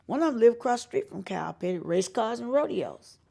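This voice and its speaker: A woman's voice: a little high, fairly quick, gravelly. A woman from North Carolina, telling stories in an interview and acting out the people she quotes. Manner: acts out quoted voices, lively and emphatic. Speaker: interviewee, singer and showcase organizer. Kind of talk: animated storytelling interview.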